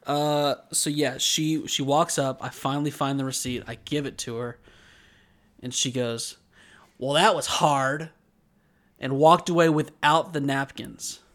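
A man's voice: medium pitch, unhurried. A man co-hosting a podcast, telling a long anecdote in casual chat and acting out the people in it. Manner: rambling animated storyteller, acts out quotes. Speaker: podcast co-host. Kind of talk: casual chat, anime recap and storytelling.

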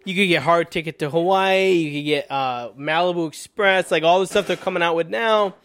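A man co-hosting a podcast, chatting casually and laid-back, laughing often and tossing in quick replies. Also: a little high, a crowd in the background. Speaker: podcast co-host. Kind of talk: casual chat about movies.

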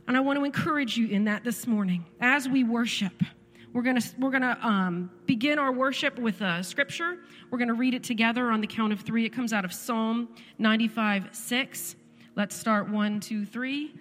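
A woman's voice: on the high side, moderate pace, fairly bright tone. A woman in her thirties leading church worship, telling a story with earnest, emphatic repetition. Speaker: worship leader. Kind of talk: church devotional talk. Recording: reverberant church hall with music.

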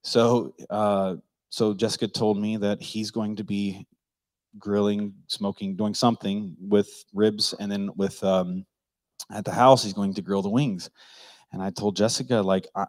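A man's voice: on the low side, steady tone, normal speed, dry recording. A man preaching a casual, joking sermon, asking the congregation questions and acting out the people he quotes. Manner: joking, conversational, asks the crowd questions; acts out quoted voices. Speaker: pastor.

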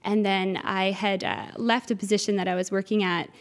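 A woman's voice: mid-range voice, flat delivery, brisk. A middle-aged woman from Newfoundland, an interview guest who organizes cooking classes, talking in an eager, chatty way with frequent uhs. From Newfoundland, Canada. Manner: enthusiastic, warm, chatty with filler uhs. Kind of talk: conversational interview answers.

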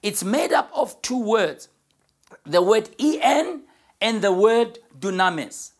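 A woman pastor preaches a sermon earnestly and emphatically, slowing down to stress key phrases. Her voice is medium-pitched with big pitch swings.

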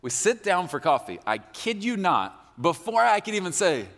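A male pastor delivering a sermon with a lively, swinging pitch and a mid-range voice. He talks directly to the congregation and keeps calling on them to listen. His words ring out with a long hall reverb. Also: normal speed. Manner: animated, addresses the congregation directly.

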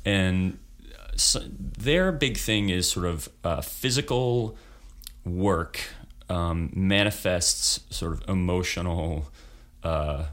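A man's voice: low voice, slow pace, fairly bright tone. A man in casual podcast chat, telling a story in a loose, rambling way with many fillers. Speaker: improv performer, guest.

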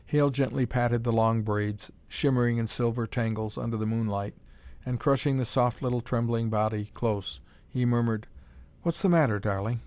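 A man reading a pulp adventure story aloud in a dramatic, measured narration. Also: medium pitch, fairly even intonation, a little mellow, clear, resonant tone.

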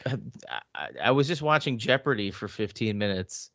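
A man's voice: lowish voice, lively intonation, brisk, fairly bright tone, dry recording. A man co-hosting a casual hockey podcast, chatty and rambling. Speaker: podcast co-host. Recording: dull, dry sound.

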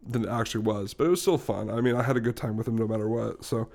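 A man's voice: mid-range voice, fast talker, vocal fry, darkish tone. A young man telling a meandering anecdote on a podcast, with an ordinary, mid-range voice. He keeps circling back and restarting sentences, laughing as he goes. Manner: rambling, laughs often while telling a story. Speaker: podcast co-host. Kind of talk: casual storytelling chat.

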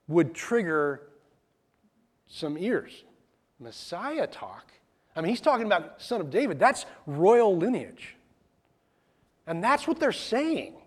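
A man giving a conversational sermon as a pastor, plain-spoken and animated, with casual asides. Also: high-pitched, breathy edge.

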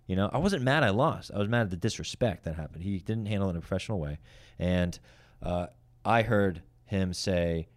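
Male comic, low voice, rapid-fire profane storytelling. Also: lively intonation. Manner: fast, profane, heated retelling. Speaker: stand-up comedian. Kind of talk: casual storytelling.

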